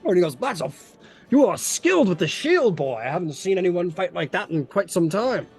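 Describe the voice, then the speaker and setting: A man voicing a big, boisterous, hard-drinking warrior who talks loud and pushy, over faint music. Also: high voice, sing-song, brisk, slightly rough, voice pushed up, exaggerated voice. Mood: hearty.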